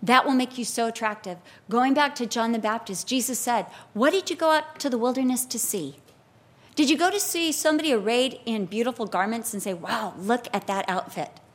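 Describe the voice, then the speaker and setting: A woman preaching a sermon, telling stories with lively acted-out quotes. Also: a little high, a little fast. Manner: animated, expressive storytelling with acted-out quotes.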